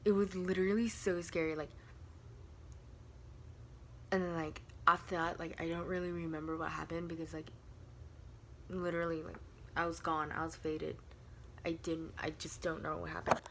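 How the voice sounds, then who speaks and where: A young woman vlogger with a lowish voice tells a rambling storytime, packing "like" into nearly every phrase. She slips into hushed whispers now and then, with faint noise behind her. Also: flat delivery, normal speed, pauses often. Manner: rambling, heavy use of "like" fillers; drops into soft whispers at times. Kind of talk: casual storytime chat.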